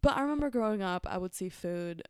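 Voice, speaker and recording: A woman's voice: medium pitch, expressive, fast, a little mellow, clear, resonant tone, no room sound, studio quality. A young woman from Mexico hosting a podcast, talking in a casual, reflective, rambling way with lots of fillers and restarts. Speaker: podcast host.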